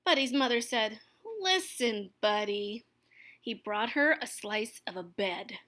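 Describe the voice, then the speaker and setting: Woman storyteller, children's book reading, expressive, gentle, high pitch. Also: normal speed.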